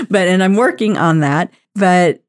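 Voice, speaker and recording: Woman, middle-aged, low-pitched, chatty storyteller host who laughs often. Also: normal speed, darkish tone. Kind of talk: personal storytelling talk.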